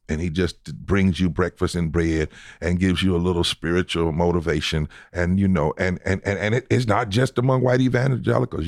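Male preacher interviewee, low voice, emphatic and scriptural, dry close mic. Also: no echo. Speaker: guest preacher. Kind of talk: conversational interview answers.

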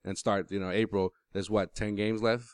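A man with a lowish, smooth voice chats about sports in a loose, meandering way, circling back and restarting his thoughts. The sound is dry and close-miked. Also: level tone, normal speed, darkish tone, no echo. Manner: rambling, lots of restarts and fillers. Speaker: podcast co-host. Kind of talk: casual sports chat.

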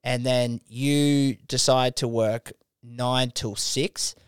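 A man's voice: mid-range voice, fairly even intonation, slow, smooth, no room sound, studio quality. A young man co-hosting a podcast, cracking crude jokes, swearing freely and slipping into silly put-on voices. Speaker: podcast co-host. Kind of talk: crude casual banter.

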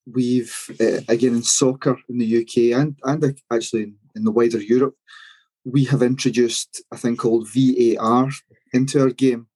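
Co-host: man, mellow and slightly husky, calm and explanatory. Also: mid-range voice, poor audio. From Scotland. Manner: measured, explanatory. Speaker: podcast co-host. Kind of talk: casual chat.

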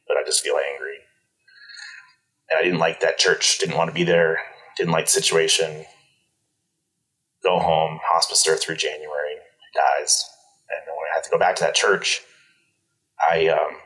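Very deep-voiced earnest middle-aged man. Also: fairly bright tone, rough recording. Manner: earnest and reflective, halting restarts. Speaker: podcast guest. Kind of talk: personal storytelling in an interview.

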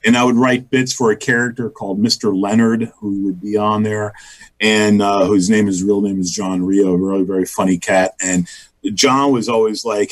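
A man's voice: lowish voice, fairly even intonation, normal speed. A male stand-up comedian telling a story in casual chat, acting out quotes and laughing often. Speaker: guest comedian and voice actor.

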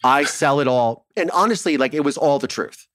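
A man from Ohio, a documentary filmmaker, telling his story in a casual interview in an animated way, swearing freely and acting out what others said. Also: a little high, normal speed, no echo, clean studio sound.

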